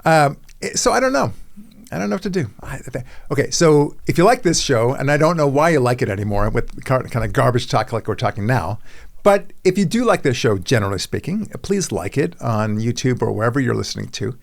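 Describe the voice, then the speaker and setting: A middle-aged man hosting a talk podcast, with a gravelly edge to his medium-pitched voice. He chats casually and rambles, mocking himself and stumbling over repeated words as he goes. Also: very animated, brisk. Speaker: podcast host. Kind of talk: casual chat.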